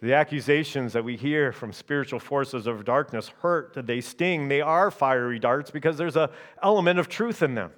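A man preaching a sermon in a measured, emphatic way, often checking in with his listeners through quick tag questions. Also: mid-range voice, fairly bright tone.

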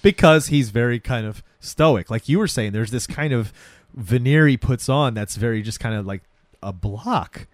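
A young man in easy conversation, retelling a show with lively bits of acted dialogue. His voice sits at a middle pitch and sounds close and dry, with no room around it. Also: normal speed, no room sound. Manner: animated, acts out characters' lines while retelling. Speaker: podcast co-host. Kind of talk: casual chat recapping a TV episode.

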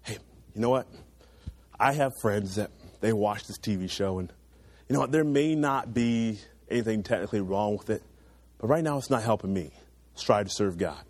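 A young man preaching a sermon to teenagers, earnest and urging, rising loud then dropping to quiet low asides. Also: normal speed, no echo.

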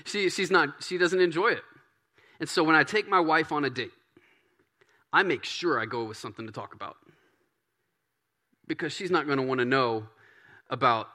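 A man preaching a sermon in a relaxed, conversational way, often acting out prayers in a softer voice. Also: mid-range voice, normal speed, long pauses. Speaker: pastor.

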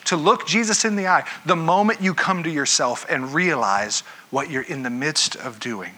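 A man's voice: fairly high pitch, lively intonation, moderate pace, sharp tone. A man preaching a sermon in a conversational way, often stopping to ask his listeners questions. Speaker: pastor. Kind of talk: interactive sermon.

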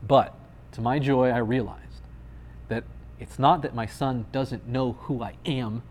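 A man's voice: mid-range voice, fairly even intonation, a little slow, a little hiss or hum. A man in his thirties, a pastor giving a conversational sermon with playful, dry humor.

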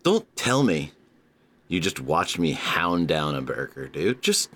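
Male podcast host, low register and very expressive pitch; playful, casual, drawn-out emphasis. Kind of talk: casual comedic podcast talk.

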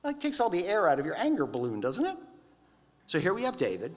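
A man preaching a sermon, telling stories in a conversational, animated way. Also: sits high, quick pace, big-room sound. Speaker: pastor.

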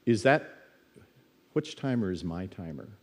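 A man's voice: low voice, big pitch swings, a little slow. A middle-aged man teaching in a church service in a conversational, storytelling way, often stammering and restarting his words.

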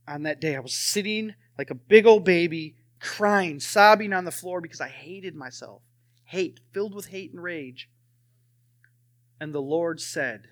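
A young man with a fairly high voice preaches and shares his personal testimony. His delivery swings between loud emphasis and hushed, almost whispered lines.

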